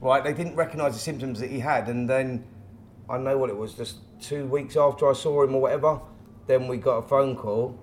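Bloke, middle-aged ex-boxer, rambling chatty storyteller, faint noise behind. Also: male voice, medium pitch, fairly even intonation, a little fast. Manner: rambling, repeats words, plain spoken. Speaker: podcast guest, former boxer. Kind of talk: casual storytelling.

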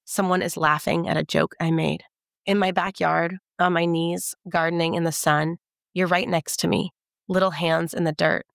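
Low gravelly woman narrating an audiobook. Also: flat delivery, normal speed, no echo, studio quality. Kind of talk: first-person audiobook narration.

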